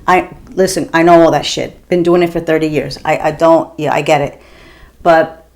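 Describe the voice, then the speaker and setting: A woman's voice: low voice, steady tone, normal speed, a little mellow. A woman in her fifties from the US East Coast, chatting bluntly while she does her makeup at home, with the odd swear word. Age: 50s. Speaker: beauty vlogger. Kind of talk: casual makeup tutorial chat.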